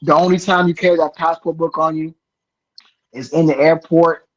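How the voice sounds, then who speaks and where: Slightly high man giving chatty tips. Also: fairly even intonation, normal speed, muffled recording. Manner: chatty advice-giving with many restarts. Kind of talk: casual podcast chat.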